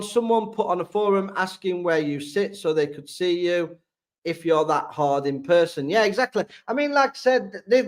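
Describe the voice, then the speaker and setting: A man with a Sheffield accent hosting a live fan stream, reading out viewer comments and answering them in a blunt, chatty way. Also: sits high. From England. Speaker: fan channel host.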